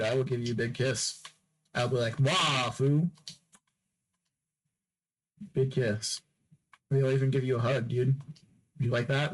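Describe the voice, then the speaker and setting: A man's voice: mid-range voice, a little mellow, slight background noise, rough recording. A man hosting a podcast, rambling through a casual solo sign-off, joking with and teasing his listeners and repeating phrases over and over. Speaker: podcast host.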